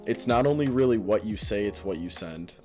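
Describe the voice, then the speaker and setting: A man's voice: lowish voice, animated, fairly quick, dark tone, soft background music. A man giving blunt, offhand dating advice in a casual monologue.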